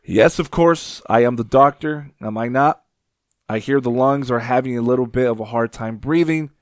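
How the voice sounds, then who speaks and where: A man reading aloud as a nervous, formal older doctor, in a measured voice. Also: medium pitch, no echo, clean studio sound, natural voice. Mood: formal, reassuring.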